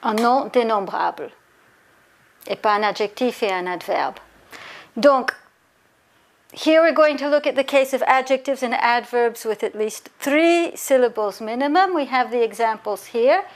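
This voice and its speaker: A woman with a fairly high voice teaches an English grammar lesson. She gives each point in French and then again in English. She takes her time on the example words. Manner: slows down to spell out example words. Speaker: language teacher.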